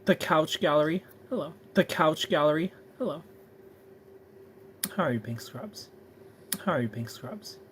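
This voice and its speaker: A live streamer casually chatting and greeting viewers by name, playful and quick to laugh. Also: mid-range voice, lively intonation, fairly bright tone, a little hiss or hum.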